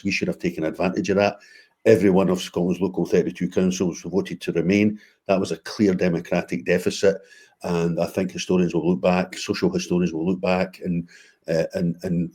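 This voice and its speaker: Guest commentator guy, super deep raspy voice, talks all formal and wordy. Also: darkish tone. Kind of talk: political discussion.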